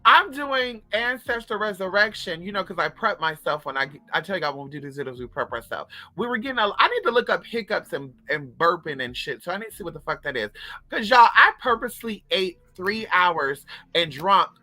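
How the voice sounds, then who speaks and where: A woman's voice: fairly low pitch, big pitch swings, fairly quick, pushed and bright, no room sound. A woman telling stories straight to her viewers in a casual, profane vlog, as a spiritual coach who runs online classes.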